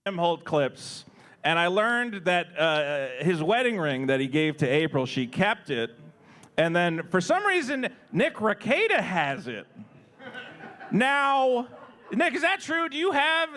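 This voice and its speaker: A man on a podcast, chatting crudely and excitedly. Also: sits high, unhurried. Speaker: podcast co-host. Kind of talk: casual crude banter.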